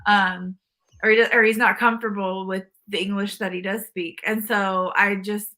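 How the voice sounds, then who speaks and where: A woman's voice: medium pitch, little pitch movement, moderate pace, sharp tone. A woman guest on a podcast telling a rambling story with lots of fillers and restarts. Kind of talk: casual chat.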